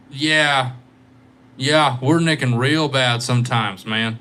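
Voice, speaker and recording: A man's voice: mid-range voice, normal speed, pushed and bright, a little hiss or hum. Tired, joking man chatting on a livestream. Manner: rambling, joking, playful. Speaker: livestreaming guitarist. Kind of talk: casual live-stream chat with viewers. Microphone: microphone.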